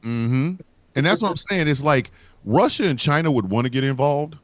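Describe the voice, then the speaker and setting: A man hosting a casual livestream chat, talking in an animated, profane way and riffing with comic voices. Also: mid-range voice, moderate pace, dry recording. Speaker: host.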